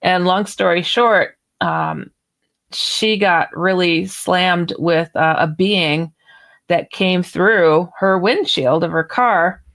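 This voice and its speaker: Author lady on a radio show, low-ish voice, animated story, does all the voices herself. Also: takes it slowly. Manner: animated storyteller who acts out quoted dialogue. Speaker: author and guest.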